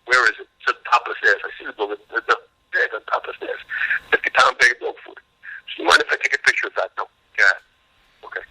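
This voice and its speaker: A man talks fast and emphatically as the guest in an interview, with a bright, forceful edge to his voice. He tells his stories in an animated way, acting out both sides of each conversation. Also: mid-range voice, low-quality recording. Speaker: animal rescue worker, guest. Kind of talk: interview, storytelling.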